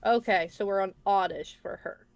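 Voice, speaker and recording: A woman's voice: mid-range voice, normal speed, gravelly, dry recording. A woman hosting a casual group chat, leading the rating and reading out chat messages. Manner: leads the rating, reads viewer chat aloud. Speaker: stream host.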